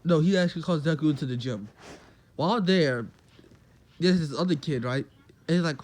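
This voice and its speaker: Guy rambling through a fan story, kinda high voice, lots of "like". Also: a little mellow, a little hiss or hum. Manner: rambling, full of "like" and quick acted quotes. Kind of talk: casual fan story narration.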